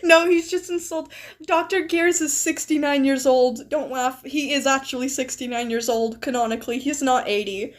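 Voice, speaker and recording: A woman's voice: high-pitched, moderate pace. A young woman streamer telling a story casually and animatedly while gaming, giggling often. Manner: animated, giggly, retells chats with quoted lines.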